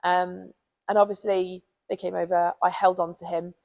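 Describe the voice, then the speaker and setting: A British woman with a gravelly, fry-edged voice chatting casually as a dog trainer. She talks in a loose, friendly way, filling gaps with ums and you knows. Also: lowish voice, level tone, normal speed, a little mellow, low-quality recording. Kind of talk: casual advice talk.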